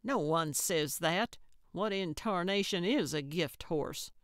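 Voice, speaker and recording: A woman's voice: fairly low pitch, slow pace, no echo, studio quality. A woman voicing a cantankerous, blunt old woman from New England who snaps and grumbles in a storybook reading. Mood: grumpy.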